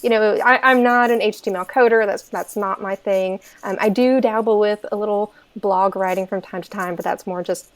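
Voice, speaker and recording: A woman's voice: medium pitch, steady tone, normal speed, few pauses. A woman from Kentucky with a Southern twang, a podcast guest talking easily over a remote call with plenty of fillers. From Kentucky, USA. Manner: easygoing, self-deprecating, many fillers. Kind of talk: casual interview chat.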